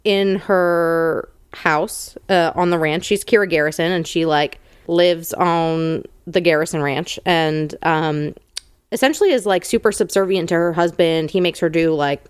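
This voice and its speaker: Low-voiced woman summarizing a book. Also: clean tone, no room sound, studio quality. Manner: brash, summarizing with fillers and crude jokes. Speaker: podcast co-host. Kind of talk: casual book club chat.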